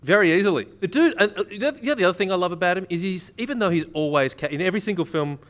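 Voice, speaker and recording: A man's voice: high-pitched, lively intonation, racing, a bit bright. A man co-hosting a comedy podcast, joking crudely and reading a news story aloud in casual banter. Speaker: podcast co-host.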